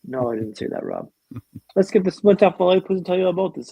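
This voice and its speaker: Male interview guest, raised pitch, gravelly, dramatic storyteller with a humorous streak, dull lo-fi line. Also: expressive, fast talker, dark tone, no room sound. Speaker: podcast guest.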